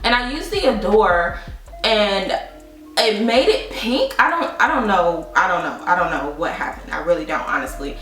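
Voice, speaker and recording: A young adult woman vlogging a casual product review, telling her story in an animated, chatty way with frequent laughs and asides to viewers. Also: mid-range voice, moderate pace. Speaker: beauty vlogger. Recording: roomy, distant mic with faint music.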